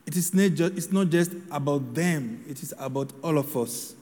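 A man preaching a sermon in a slow, measured homily delivery with solemn pauses. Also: on the high side, a little mellow, big-room sound.

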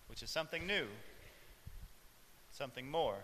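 A male preacher giving a reflective sermon, with soft chuckles along the way. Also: fairly high pitch, moderate pace, pauses often, big-room sound, slight background noise.

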